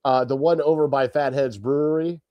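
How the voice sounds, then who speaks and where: A man co-hosting a casual sports podcast, telling family stories in an animated way and acting out the people in them. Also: medium pitch, moderate pace, dull audio. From Ohio, United States. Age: adult parent. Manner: animated storyteller, acts out family members. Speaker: podcast co-host. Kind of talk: casual chat.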